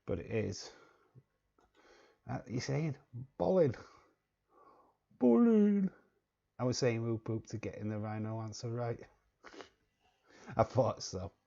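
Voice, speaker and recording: A man's voice: lowish voice, steady tone, measured pace, vocal fry, long pauses, mellow, lo-fi sound. A young English man hosting a quiz on a live stream, joking and chuckling as he reads the chat. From England. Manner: joking, chuckling, repeats words while reading chat. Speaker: quiz host.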